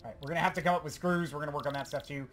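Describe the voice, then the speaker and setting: Guy doing let's play commentary, kinda high voice, excited and rambly, faint music under it. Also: racing. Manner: excitable, rambling, talks to himself. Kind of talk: casual gameplay commentary.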